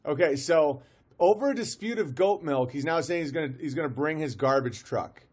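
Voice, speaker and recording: A man's voice: a little high, animated, normal speed, darkish tone, slightly rough. A man streaming live, commenting on a video with amused disbelief, often restarting his sentences. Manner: amused, incredulous, restarts and laughs.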